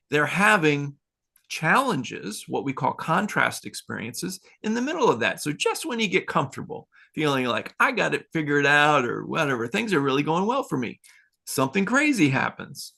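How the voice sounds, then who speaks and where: Gravelly-voiced man in a rambling talk. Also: mid-range voice, pushed and bright. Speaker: podcast host. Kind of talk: casual spiritual talk.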